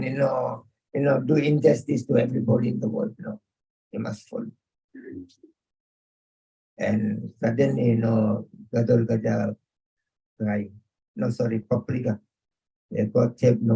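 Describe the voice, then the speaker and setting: A man's voice: mid-range voice, little pitch movement, moderate pace, gravelly, mellow, slightly rough, low-quality recording. A man, a swami, retelling an old epic as a sermon at a home gathering, chuckling often, peppering his talk with "you know" and acting out the dialogue. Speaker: visiting swami. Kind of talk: sermon storytelling.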